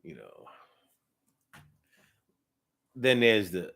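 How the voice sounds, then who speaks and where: A man's voice: sits low, animated, normal speed, few pauses, a bit bright. A man giving a casual spoken monologue to his viewers, emphatic and repeating phrases for effect. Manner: talks straight to the audience. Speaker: vlogger.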